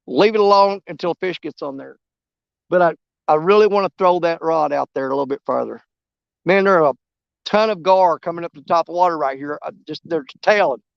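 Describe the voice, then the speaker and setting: A man's voice: high-pitched, gravelly, clear, resonant tone, no echo, highs cut off. A man, hosting a fishing livestream from a riverbank and chatting easily with viewers. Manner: rambling, easygoing, greets viewers by name. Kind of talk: casual live-stream chat while fishing. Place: outdoors on a riverbank.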